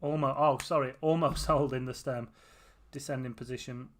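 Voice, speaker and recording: A man's voice: medium pitch, fairly even intonation, moderate pace. A tired man chatting casually to viewers on a live stream, with a runny nose. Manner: tired, chatty, often laughing.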